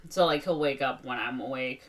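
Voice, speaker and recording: A woman co-hosting a podcast, telling an animated story in casual chat, full of "like". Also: very deep voice, brisk. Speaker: podcast co-host.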